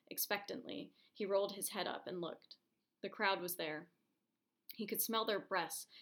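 A woman reading a short story aloud, narrating it at a steady, measured pace and voicing the characters' lines. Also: lowish voice.

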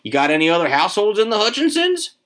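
A man reading aloud and voicing a brisk middle-aged official who calls out names in a formal, businesslike way. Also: high-pitched, wildly swooping pitch, a bit bright, pitched above the performer's own voice, exaggerated voice.

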